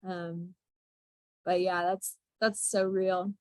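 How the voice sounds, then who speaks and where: A woman's voice: on the low side, level tone, slow pace, no echo, low-quality recording. Candid young woman teacher, dry sound. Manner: candid and self-deprecating, laughing often. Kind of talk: casual group discussion.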